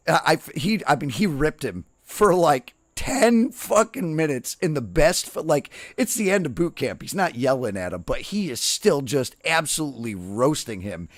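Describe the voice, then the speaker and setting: A man's voice: medium pitch, unhurried, dry recording. Middle-aged male streamer, casual raconteur, swears freely, dry studio sound. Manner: profane, animated anecdotes with quoted dialogue. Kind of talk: casual storytelling while gaming.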